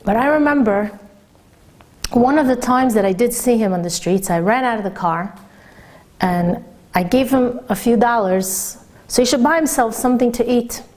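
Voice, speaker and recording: A woman rabbanit, telling a story in a Torah talk and acting out the voices of its people. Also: normal speed. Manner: animated storyteller, acting out quoted voices with big pitch jumps.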